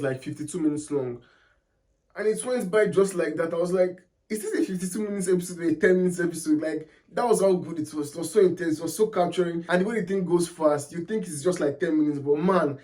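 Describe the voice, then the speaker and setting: A man's voice: sits high, brisk, warm tone. Gushing young man. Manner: enthusiastic, gushing, repeats words for emphasis. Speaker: TV series reviewer. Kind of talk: casual video review.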